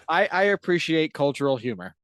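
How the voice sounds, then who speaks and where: Giggly, stammering man, slightly high voice. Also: sing-song, brisk, fairly bright tone, dry recording. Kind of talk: casual movie review chat.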